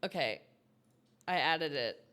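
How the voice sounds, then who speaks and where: A woman's voice: sits low, expressive, slow pace, sharp tone. Giggly woman streamer chatting. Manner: giggly, chatty, talks to chat. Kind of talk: casual live-stream chat while playing. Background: game music.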